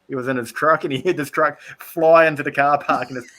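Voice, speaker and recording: A man's voice: a little high, steady tone, a little fast, fairly bright tone. A man from New Zealand with a Kiwi accent, chatting as a guest on a video-call live stream and rambling through stories. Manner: rambling storyteller, acts out quotes. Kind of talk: casual chat.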